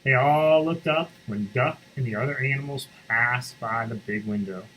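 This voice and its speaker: A man's voice: medium pitch, poor audio. A man reading a picture book aloud to schoolchildren and stopping to explain things to them. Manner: expressive storybook reading, pauses to explain to students. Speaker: school reader on morning announcements.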